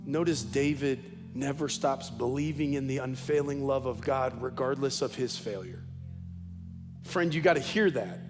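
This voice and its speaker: A man's voice: medium pitch, moderate pace, long reverb tail, over music. Male pastor preaching with emphatic repetition. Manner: emphatic storytelling with heavy repetition. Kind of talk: sermon. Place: church auditorium.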